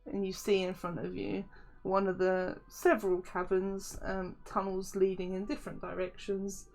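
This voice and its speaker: A woman's voice: mid-range voice, monotone, moderate pace, gravelly. Chatty woman game master, music behind. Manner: chatty, loose narration with many fillers. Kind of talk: narrating a tabletop game. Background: faint music.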